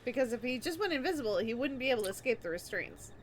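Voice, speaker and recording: A woman's voice: fairly high pitch, animated, racing, low-quality recording. A woman playing a tabletop game, careful and focused on the rules. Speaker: player.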